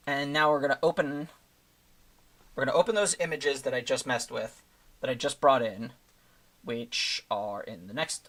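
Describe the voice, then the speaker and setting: Here a man with a mid-range, fairly bright voice keeps a moderate pace broken by long pauses. Casually streaming while he builds thumbnails, he rambles and thinks aloud with plenty of fillers.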